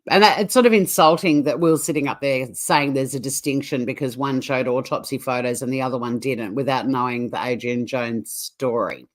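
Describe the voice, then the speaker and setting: Aussie woman with a low voice reacting to clips, blunt, swears a lot. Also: normal speed, hardly any pauses. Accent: Australian. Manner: blunt, swears, laughs often. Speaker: channel co-host. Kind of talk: casual reaction chat.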